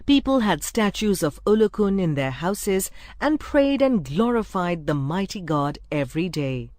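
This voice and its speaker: Woman reading a storybook, low and dry. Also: sing-song, darkish tone, no room sound. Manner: clear, measured storybook reading. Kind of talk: scripted narration.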